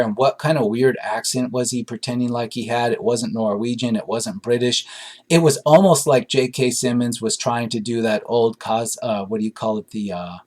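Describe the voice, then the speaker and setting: A man's voice: medium pitch, a little mellow. A man giving a casual spoken movie review, blunt and critical, rambling and searching for words with lots of fillers. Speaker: film reviewer.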